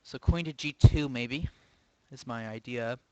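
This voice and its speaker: Warm and mid-range, this man's voice comes through unhurried on a muffled recording with no echo. He's a drowsy chess streamer, yawning as he thinks aloud over a live game and second-guessing his own moves.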